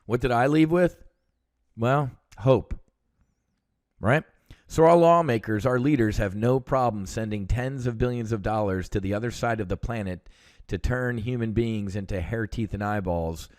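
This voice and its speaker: A man's voice: on the low side, normal speed, darkish tone, dry recording, clean studio sound. A veteran man hosting a show, telling a story in a casual, heated monologue full of fillers and swearing. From United States. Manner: heated, profane ranting with many fillers. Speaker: podcast host, veteran.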